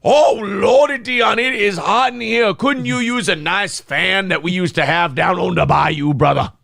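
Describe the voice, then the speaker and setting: Man putting on a high drawling fawning reporter. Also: unhurried, creaky, heavily acted. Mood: mocking. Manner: loud and over the top.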